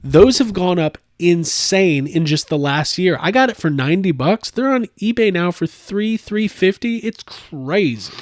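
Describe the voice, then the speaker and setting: Guy rambling in a casual chat, kinda high voice, dry close sound, laughs a lot. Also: measured pace, hardly any pauses, no echo. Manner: rambling, animated, laughs often. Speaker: podcast host.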